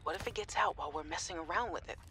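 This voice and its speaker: A woman voicing a young scientist in a video game who records worried messages to her sister, halting and often sinking to a near whisper. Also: fairly low pitch, bright, forceful tone, slight background noise. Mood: fearful. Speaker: game character.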